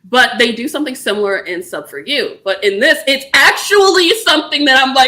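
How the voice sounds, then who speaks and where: A woman's voice: high voice, expressive, a little fast, hardly any pauses, bright, forceful tone. A young woman chatting casually, animatedly retelling a story with swearing and acted-out quotes. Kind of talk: casual chat.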